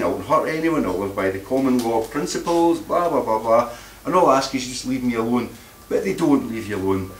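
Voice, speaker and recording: At a meeting, a man from Scotland speaks to a live audience in a blunt, combative, informal talk, often repeating words as he hunts for them. His medium-pitched voice is expressive and brisk, with few pauses, captured from far off in an echoey meeting room with faint noise.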